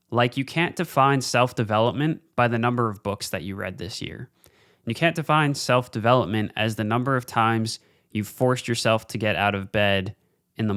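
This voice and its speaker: Podcast guy giving a motivational rant, casual and blunt, swears a lot, smooth voice, dry close mic. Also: fairly low pitch, fairly bright tone, dry recording. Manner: slows down for emphasis. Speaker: podcast host. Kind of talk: motivational monologue. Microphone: studio mic, facing camera.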